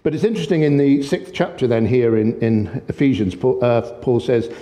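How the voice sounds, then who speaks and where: A man preaching a sermon with impassioned energy, often getting excited and loud. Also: mid-range voice, normal speed. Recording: long echoey hall reverb.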